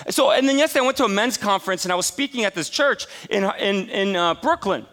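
Male pastor, 40s, sermon delivery, high and very lively voice, storytelling with laughs. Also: fast talker, few pauses. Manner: animated storytelling, laughing asides.

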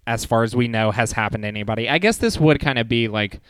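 A man's voice: mid-range voice, fast, clear, resonant tone. A man co-hosting a movie podcast in casual chat, joking, swearing and laughing often. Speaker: podcast co-host.

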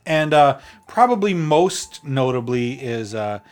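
Animated, chatty man co-hosting a podcast. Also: medium pitch, slow pace, clean tone, soft background music. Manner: chatty, laughs often, many fillers. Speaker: podcast co-host. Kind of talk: casual podcast chat.

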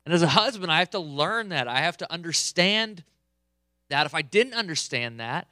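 Pastor guy in his 30s telling a funny story mid-sermon, bright forceful voice, super dry sound. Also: fairly high pitch, lively intonation, normal speed, dry recording. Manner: conversational, joking with the congregation. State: a bit under the weather, coughing. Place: church hall, live service.

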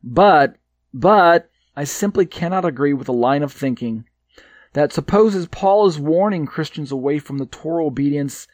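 A man's voice: a little high, expressive, normal speed, darkish tone, dry recording. A man teaching from a Bible commentary he wrote, hesitant, with many fillers and restarts, and leaning hard on his key points. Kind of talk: reading and explaining a commentary.

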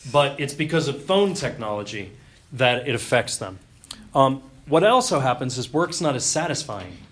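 A man's voice: medium pitch, a bit bright. A man teaching a class in a loose, joking, story-filled way with lots of ums and restarts. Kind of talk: classroom talk.

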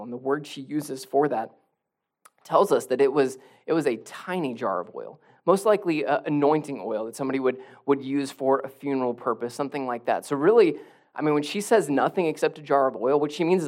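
A male pastor preaching a sermon, swinging from soft near-whispers to loud emphatic bursts and repeating phrases for emphasis. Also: fairly high pitch, expressive, fairly quick.

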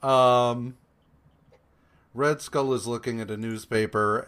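A man hosting a podcast and recapping comic issues in an unhurried, rambling way. He fills his talk with ums and uhs, swears freely, and sums up the characters' lines with dry sarcasm. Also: medium pitch, clean tone. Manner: meandering, profane, many fillers and hesitations; paraphrases characters in a flat, sarcastic retelling. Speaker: podcast co-host. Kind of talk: casual comic-book recap chat.

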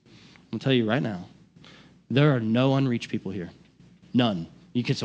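A man preaching a sermon as pastor, impassioned, swinging from loud emphatic lines to quiet asides. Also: mid-range voice, normal speed, muffled recording.

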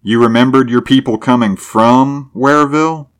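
A man voicing a stern, bearded old country elder who talks in a gruff, flat, rural way. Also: mid-range voice, moderate pace, voice pushed up, natural voice.

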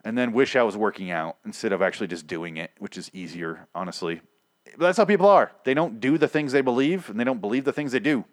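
Casual recapper, male, sarcastic and rambling, low-pitched, dry close recording. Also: lively intonation, fast talker, no room sound. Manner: rambling, sarcastic, acts out scenes. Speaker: TV show recapper. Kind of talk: casual profane episode recap.

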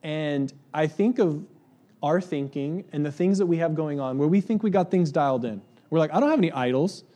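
A male pastor in his thirties preaches in an easygoing, storytelling way and pokes fun at himself. His voice sits a little high for a man but has a mellow, warm tone. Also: a little fast, lo-fi sound. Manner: chatty, self-mocking, full of fillers. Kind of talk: casual storytelling sermon.

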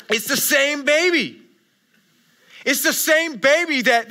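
A man preaching a conversational sermon in church, telling stories in an animated way with frequent restarts. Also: very high-pitched. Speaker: pastor. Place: church sanctuary.

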